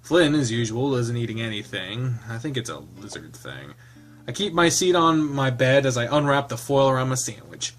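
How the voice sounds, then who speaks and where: A man's voice: mid-range voice, sing-song, moderate pace, soft background music. Man casually reading a game aloud. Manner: casual, laughing, swearing asides. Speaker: visual novel reader. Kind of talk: reading a visual novel aloud with commentary.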